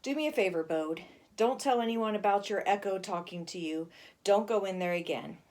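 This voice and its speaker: A woman's voice: mid-range voice, normal speed, a little mellow, lightly acted. A woman voicing a bossy teenage big brother who talks in a scoffing, lecturing way.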